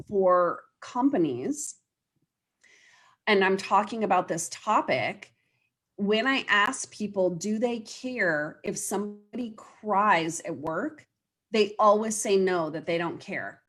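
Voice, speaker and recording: A woman's voice: mid-range voice, animated, slow pace, fairly bright tone. A woman life coach, speaking earnestly in a casual interview and often quoting her clients. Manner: earnest, explains with quoted client voices.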